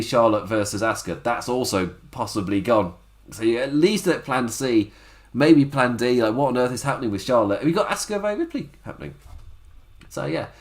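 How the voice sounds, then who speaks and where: Lively man rambling through a recap. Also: medium pitch. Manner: rambling, self-interrupting, laughs at own jokes. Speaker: wrestling podcast host. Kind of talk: casual solo recap.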